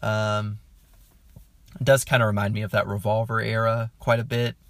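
Man, fan reviewer type, slightly low voice, dry close sound, excited and rambling, lots of "um"s. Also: normal speed, no room sound. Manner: chuckles mid-sentence. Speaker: music reviewer. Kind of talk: casual album review.

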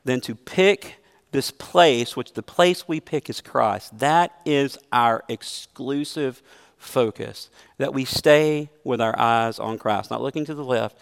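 A man's voice: mid-range voice, vocal fry, a bit bright, clean tone, long reverb tail. A man preaching a sermon as a pastor, earnest and emphatic, mixing scripture with a personal story.

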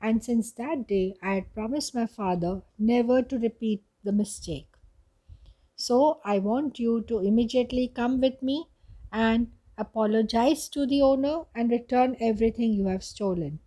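A woman's voice: on the high side, normal speed, mellow, lightly acted, low-quality recording. Woman reading as a firm, stern father. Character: stern caring middle-aged father.

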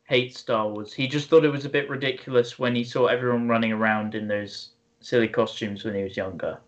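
Earnest and patient, this man co-hosts a podcast, laying out his opinions in a relaxed conversation. He speaks fairly quickly at medium pitch with fairly even intonation, captured on dull lo-fi audio.

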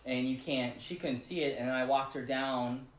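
A man's voice: mid-range voice, moderate pace. Chatty man narrating an anecdote; rambling, laughs through it, echoey room. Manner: rambling, animated retelling with laughs. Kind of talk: casual storytelling chat.

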